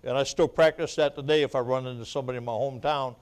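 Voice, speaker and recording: A male evangelist preaching at a revival, telling his testimony and building up to loud, fervent preaching punctuated with amen and laughter, at times choked up with tears. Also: mid-range voice, steady tone, rapid-fire, smooth. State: choked up, weeping. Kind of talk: revival sermon.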